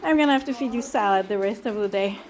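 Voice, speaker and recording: A woman's voice: medium pitch, fast talker, darkish tone, slight background noise, low-quality recording. A middle-aged woman, out of breath, filming herself on a phone as she walks outdoors to a bomb shelter and talks in a chatty, laughing way. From immigrant to Israel. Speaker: resident showing her shelter route. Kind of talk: handheld video walk-through.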